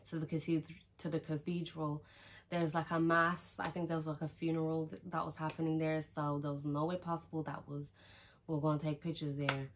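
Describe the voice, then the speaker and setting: Young woman, frank storytime chat, a little low-voiced, lots of fillers. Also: a bit bright, a little hiss or hum. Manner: chatty, frank, swears freely, fillers like "like". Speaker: vlogger.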